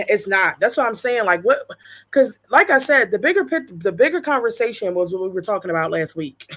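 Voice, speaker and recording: A woman talks casually while hosting a reaction channel. She reads viewer comments aloud and answers them bluntly. Her tone is exasperated, and she swears freely. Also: mid-range voice.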